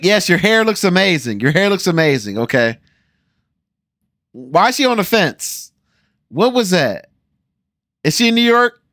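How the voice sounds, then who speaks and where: A forty-year-old man from Ohio with an American accent, hosting a casual video where he reacts to a music video, jumping between loud exclamations and muttered asides. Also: high-pitched, no echo, clean studio sound. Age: 40s.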